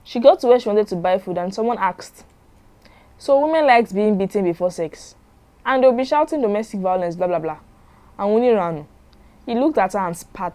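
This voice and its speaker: A woman's voice: medium pitch, lively intonation, brisk, mellow. A young woman, narrating a drama story in a chatty way and commenting on it as she goes.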